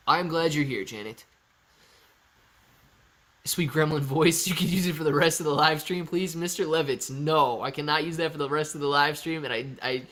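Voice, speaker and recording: A young man hosting a live stock-market Q&A stream, chatty and energetic as he reads viewer messages aloud. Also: a little high. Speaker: livestream host.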